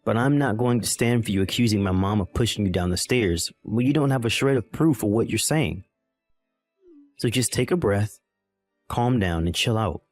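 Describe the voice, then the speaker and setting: A man's voice: mid-range voice, a little mellow, close to an everyday voice. A man playing a callous young husband in a dramatized text-message story, exasperated and blaming.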